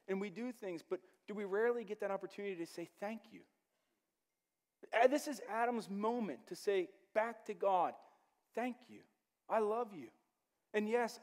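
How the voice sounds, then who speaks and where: Male pastor, fairly high voice, jokey conversational sermon delivery in church. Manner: joking, conversational preaching.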